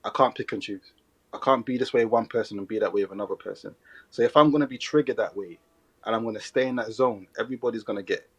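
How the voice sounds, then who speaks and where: A man with a low, husky voice talks quickly and earnestly in casual podcast chat. His thoughts come out in short, repeated phrases. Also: fairly even intonation, a bit bright.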